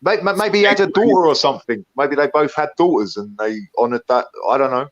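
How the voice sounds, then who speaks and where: A man's voice: on the high side, fairly quick, dry recording, highs cut off. A man, chatting casually on an online panel and playing with words. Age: 40s. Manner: laid-back, playful with words. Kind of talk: casual chat.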